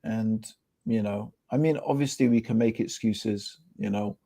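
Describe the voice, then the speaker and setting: A middle-aged man co-hosting a podcast in casual chat, animated and peppering his talk with "bro" and "right?". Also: fairly low pitch, measured pace. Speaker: podcast co-host. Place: podcast studio.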